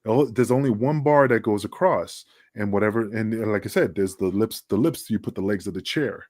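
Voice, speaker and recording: A man's voice: fairly low pitch, a little fast, a little mellow, no echo, studio quality. A middle-aged man, a wrestling guest, telling a story in casual chat, acting out quotes and swearing freely.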